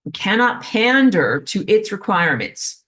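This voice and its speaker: A woman giving a spiritual class lecture in an animated way, filled with frequent "like". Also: medium pitch, measured pace. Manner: animated, acts out quoted voices, frequent "like". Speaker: spiritual teacher.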